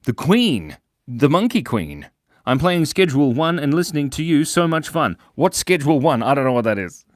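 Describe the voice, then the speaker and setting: A man's voice: a little high, big pitch swings, normal speed, dry recording, clean studio sound. A young man hosting a casual live stream, chatting playfully with viewers as he draws and reads out their comments. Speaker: livestream host drawing for viewers.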